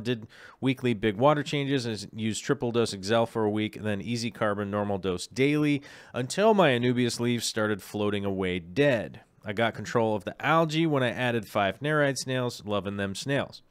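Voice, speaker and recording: A man's voice: mid-range voice, normal speed, smooth, dry recording. A man hosting a live aquarium show, chatting casually with lots of ums and restarts. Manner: rambling, many ums and restarts. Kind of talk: casual live-stream chat.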